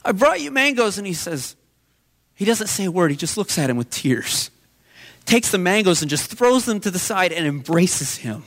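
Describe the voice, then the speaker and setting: Guy pastor w a high voice, earnest sermon storytelling. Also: animated, normal speed.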